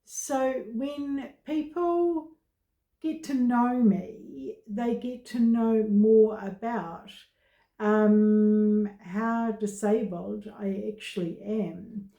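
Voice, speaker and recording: A woman vlogger talking to camera about her own experience, in slow, halting speech with many pauses and fillers. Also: medium pitch, mellow, echoey room, dull audio. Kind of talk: casual personal talk to camera.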